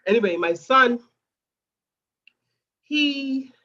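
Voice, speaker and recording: A woman's voice: sits high, animated, very slow, bright, forceful tone, lo-fi sound. A woman, a nurse, giving an earnest personal testimony and getting emotional. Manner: earnest, addresses listeners as "guys".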